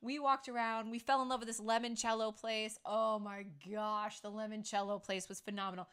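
A woman's voice: fairly high pitch, little pitch movement, brisk, a bit bright, clear, resonant tone. A middle-aged woman hosting a casual chat, talking playfully and acting out quotes as she tells stories. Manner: chatty, playful, acts out quotes. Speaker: podcast host.

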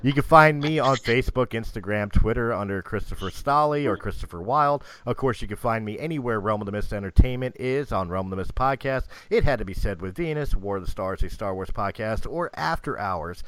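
Young male podcast host, animated delivery, dry mic; jokey, fast plug rundown. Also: lowish voice, dry recording. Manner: jokey, reels off plugs in a practiced rundown. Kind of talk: casual podcast chat and outro.

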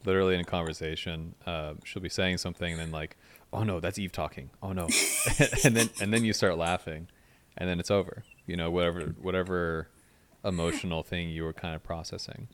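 A man's voice: deep voice, level tone, a little fast, slight background noise. A man hosting a casual podcast chat, teasing his guest and laughing often. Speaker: podcast host.

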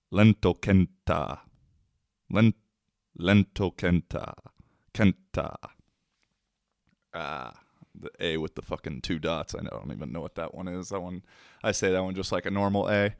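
A man's voice: deep voice, creaky, clear, resonant tone, dry recording, studio quality. A man talking casually to the camera, telling a rambling story, laughing often and swearing offhandedly.

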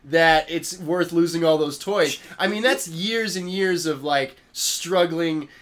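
A man's voice: fairly high pitch, slow, a bit bright. A young man in casual chat, rambling and swearing, laughing often as he talks.

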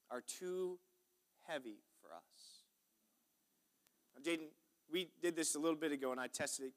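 A male pastor preaches in a church sanctuary, folksy and chatty, tossing questions out to the congregation. His voice is bright and forward, pitched a little high for a man. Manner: folksy, chatty preaching with audience call-outs. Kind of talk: sermon.

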